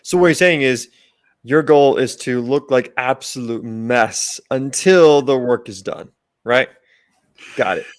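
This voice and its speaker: Young man, co-host, mid-pitched voice, dry teasing humor, casual chat. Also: slow pace, dry recording.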